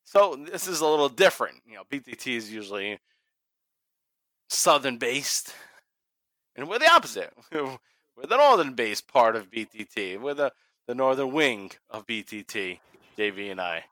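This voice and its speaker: Bright-voiced Boston man hosting a podcast. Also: mid-range voice, big pitch swings, normal speed, no room sound. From Massachusetts. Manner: swears freely, laughs often. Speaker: podcast host. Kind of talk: casual podcast chat.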